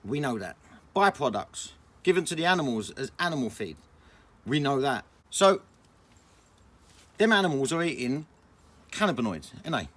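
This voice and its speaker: A young man, chatting casually and excitably on a vlog, full of slang. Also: medium pitch, moderate pace, long pauses. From England. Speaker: vlogger.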